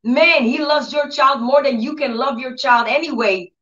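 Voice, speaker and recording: A woman teaching her church audience about healing, giving an earnest, repetitive testimony with soft laughs. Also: sits high, moderate pace. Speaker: Bible teacher and church leader. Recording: distant, dull-sounding mic.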